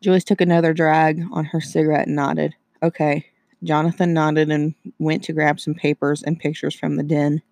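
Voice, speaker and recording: Brief: casual male story reader, gravelly voice, slightly high pitch. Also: level tone, moderate pace, hardly any pauses, a little mellow, dry recording, studio quality. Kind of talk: casual reading of a story aloud.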